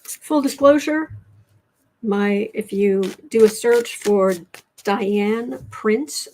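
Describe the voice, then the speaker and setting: A woman's voice: mid-range voice, very slow, darkish tone. A woman from the United States hosting a casual tarot livestream, chatting and restarting her sentences as she reads cards and chat. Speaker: tarot reader livestream host.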